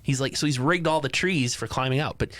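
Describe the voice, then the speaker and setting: A man co-hosting a casual movie podcast, retelling scenes with lively acted-out lines. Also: medium pitch, a little fast. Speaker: podcast co-host.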